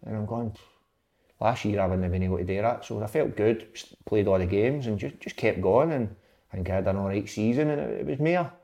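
With a dark tone and some vocal fry, a Scottish man who once played football chats casually about those days, rambling through anecdotes with occasional swearing. His pitch is fairly low and his pace a little fast.

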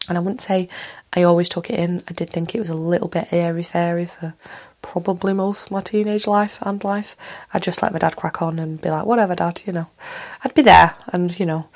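A Mancunian woman in her thirties hosts her own podcast, talking in a fairly low voice. She rambles from one tangent to the next and speaks frankly, with the odd casual swear word. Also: darkish tone. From Manchester, England. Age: 30s. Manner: rambling, drifts from one story to another. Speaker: podcast host. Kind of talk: casual solo podcast chat.

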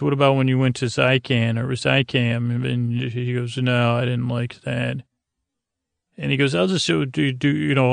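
A man hosting a sleep podcast, retelling a TV episode in a meandering, halting way full of fillers and restarts. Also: medium pitch, gravelly, no echo. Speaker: podcast host.

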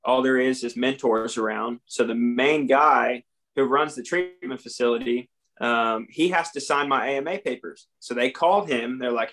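A man's voice: mid-range voice, moderate pace, a bit bright. Earnest young man telling his story. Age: young adult. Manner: earnest, plain-spoken, acts out his own past dialogue. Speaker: podcast guest. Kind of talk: candid storytelling about addiction recovery.

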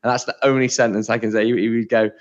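A man's voice: mid-range voice, little pitch movement, quick pace. Chatty man, slightly muffled. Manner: chatty, teasing, plays with accent impressions. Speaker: podcast co-host. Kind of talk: casual podcast chat. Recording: slightly dull lo-fi sound.

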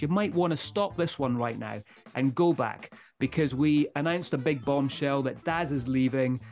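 Energetic Scottish man hosting a podcast. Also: on the high side, normal speed, soft background music. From Scotland. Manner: energetic, swearing, laughs often. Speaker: podcast host. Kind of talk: casual podcast chat. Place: Speyside, Scotland.

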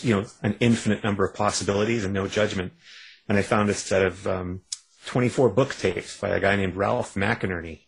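A man's voice: fairly low pitch, steady tone, a little fast, gravelly, slightly rough, low-quality recording. A man from Canada, an author being interviewed on a radio show, wry and self-deprecating, rambling with many restarts. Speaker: author guest.

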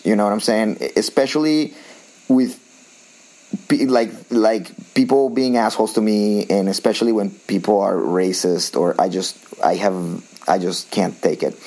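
Man telling animated stories. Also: on the low side, low-quality recording. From Colombia. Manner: animated, laughing, acts out quoted people. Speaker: podcast co-host. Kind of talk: casual storytelling chat.

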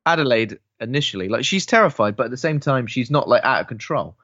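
A man's voice: medium pitch, animated, fast, fairly bright tone, no room sound, lo-fi sound. A man co-hosting a casual film review podcast, chattily retelling a plot with asides. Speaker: podcast co-host.

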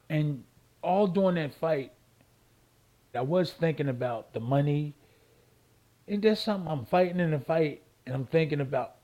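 A man's voice: a little high, moderate pace, dark tone, dull audio. A man, an interviewee, telling a long story and acting out phone calls, repeating himself. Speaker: interviewee, former boxing champion.

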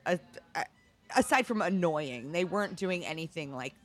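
A woman's voice: fairly low pitch, expressive, normal speed. A middle-aged woman bartender telling work stories in a casual interview, candid and profane, with lots of "like". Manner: candid, profane, heavy use of "like". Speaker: bartender guest.

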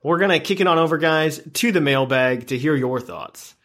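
A man's voice: a little high, normal speed, fairly bright tone. Upbeat male podcast host. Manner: upbeat, reads listener email aloud. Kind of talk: casual podcast chat.

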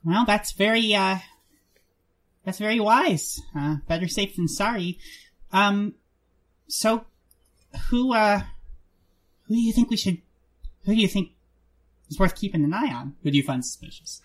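A woman playing a tabletop game in character, hesitant and halting with many fillers. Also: medium pitch, animated. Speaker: player. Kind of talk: in-character tabletop role-play.

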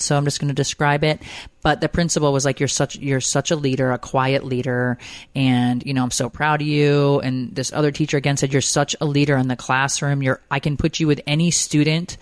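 Woman, 30s, podcast co-host, lively talkative storyteller, dry close mic. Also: rumbling low, dry recording. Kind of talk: casual chat.

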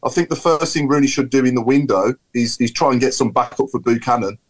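A man's voice: medium pitch, quick pace, rough recording. A man on a video call giving his views in a casual football chat podcast, rambling and opinionated. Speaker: podcast panelist.

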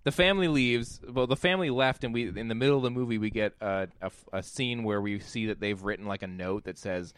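A man in casual chat who recaps a movie in an animated, profane storytelling way. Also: fairly low pitch, fairly quick, hardly any pauses, smooth, no echo.

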